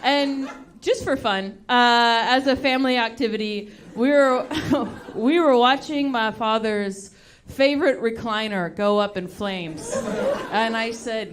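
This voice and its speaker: A woman from Texas doing a stand-up comedy set on a club stage into a handheld mic, deadpan and laughing between jokes. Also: medium pitch, a little slow, slight background noise. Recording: live club with loud crowd laughter.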